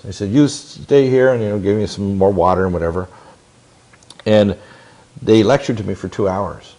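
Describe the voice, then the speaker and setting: Man in his 60s, low voice, intense and rambling, interview storytelling, many restarts. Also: darkish tone. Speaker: interview guest. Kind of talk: long-winded interview storytelling.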